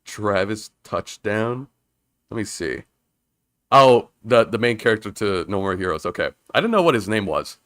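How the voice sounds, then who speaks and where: A man's voice: lowish voice, sing-song, brisk, a bit bright, dry recording, clean studio sound. A man streaming a visual novel, reading the dialogue aloud and putting on playful voices for the characters. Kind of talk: casual let's-play reading with voices.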